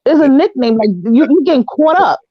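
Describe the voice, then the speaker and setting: A woman's voice: high-pitched, fairly quick, no echo. A woman talks in a heated, casual way on an online panel, blunt and profane, acting out what others said. Her voice is dry and close, with a slightly dull, lo-fi sound from her living room setup. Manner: blunt, profane, animated storytelling. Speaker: panel guest. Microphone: home setup, living room.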